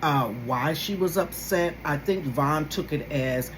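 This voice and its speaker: A woman's voice: low-pitched, a little slow, background noise. A woman, hosting a casual gossip commentary and talking straight to her viewers with sudden exclaimed bursts. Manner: animated, addresses viewers directly. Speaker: host.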